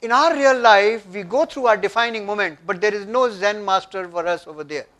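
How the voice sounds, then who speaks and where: A man's voice: high-pitched, fairly bright tone. An older man with an Indian English accent giving an emphatic motivational workshop talk and often asking the audience questions. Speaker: workshop speaker. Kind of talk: motivational lecture. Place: conference room.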